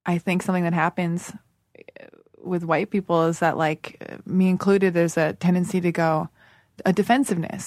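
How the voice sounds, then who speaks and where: A woman's voice: fairly low pitch, darkish tone, dry recording, clean studio sound. A woman hosting a podcast, talking candidly and emotionally in a casual chat, with frequent swearing and restarts. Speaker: podcast host. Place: Los Angeles.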